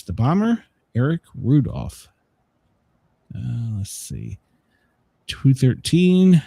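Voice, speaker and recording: With no echo on the recording, a man of medium pitch hosts a casual podcast. Chuckling a lot, he spins animated stories and plays the parts of the people in them.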